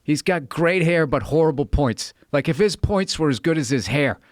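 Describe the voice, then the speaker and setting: Animated, swearing man ranting in a dry studio. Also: a little high, moderate pace, no room sound. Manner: animated profane ranting, mocking voices. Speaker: comedian guest. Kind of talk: casual podcast chat.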